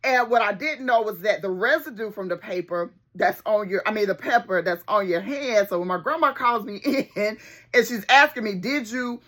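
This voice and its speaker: Bright-voiced woman telling stories. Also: mid-range voice, moderate pace. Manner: animated, folksy storyteller, addresses viewers as y'all. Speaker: therapist and video host. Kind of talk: casual storytelling to viewers.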